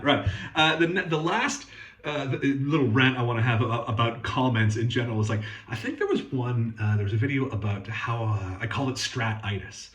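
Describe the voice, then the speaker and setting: A man's voice: medium pitch, animated, a little fast, a bit bright, roomy sound. A man hosting a guitar workshop channel, talking in a casual, sweary, sarcastic and rambling way. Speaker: guitar technician and channel host. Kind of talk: casual ranting demo.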